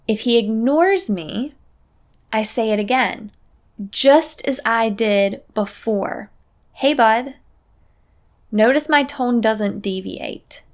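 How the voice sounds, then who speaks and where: A woman hosting a parenting podcast, giving calm, matter-of-fact advice in a scripted solo talk. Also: medium pitch.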